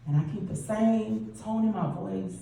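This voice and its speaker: A middle-aged woman giving a lively motivational talk at a church event, often asking the audience questions. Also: medium pitch, measured pace, creaky. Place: church hall. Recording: roomy echo, distant mic, faint hum.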